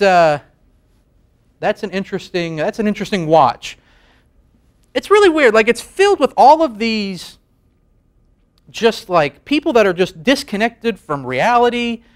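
A man in his thirties hosting a late-night show in a studio, rambling self-deprecatingly through a comic monologue and laughing at his own jokes. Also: high-pitched. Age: 30s. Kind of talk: comedic monologue. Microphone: facing a camera.

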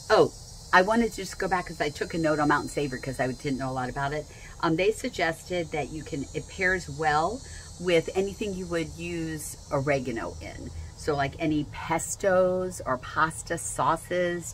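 Gushing woman with a lowish voice. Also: a little hiss or hum, rough recording. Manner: gushing and enthusiastic, repeats herself. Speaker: essential oils seller. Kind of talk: product unboxing vlog.

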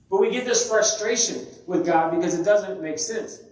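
Animated male pastor in an echoey hall. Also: high-pitched, moderate pace. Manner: animated storytelling, acting out voices. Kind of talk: sermon. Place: church sanctuary. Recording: very echoey church hall from a distance.

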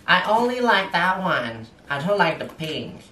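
A man with a non-native English accent, talking through an unboxing haul as a vlogger in halting, hesitant English full of fillers. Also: high-pitched, big pitch swings, pushed and bright. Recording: roomy echo, distant mic, faint noise.

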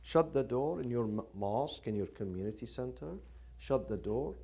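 Man, religious lecture, impassioned, repeats himself for emphasis, mid-pitched. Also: lively intonation, normal speed, vocal fry, mellow. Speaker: lecturer on Quranic studies.

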